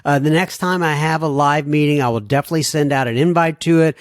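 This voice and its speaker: A man's voice: on the high side, fairly even intonation, quick pace, dry recording, studio quality. An American man hosting a podcast, chatting casually between listener emails and laughing at his own jokes. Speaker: podcast host.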